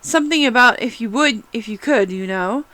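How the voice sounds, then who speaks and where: A woman reading aloud and voicing a tiny, unhappy talking insect that speaks softly and wistfully. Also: on the high side, expressive, moderate pace, poor audio. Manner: soft, close, wistful. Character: tiny sad talking insect, shy and pleading.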